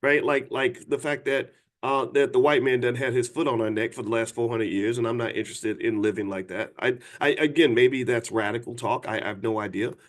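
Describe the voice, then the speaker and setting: A man's voice: mid-range voice, steady tone, a little fast, few pauses. A man in his fifties hosting a live talk, blunt and insistent, often restarting and asking viewers to respond. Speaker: host. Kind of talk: livestream talk to an audience.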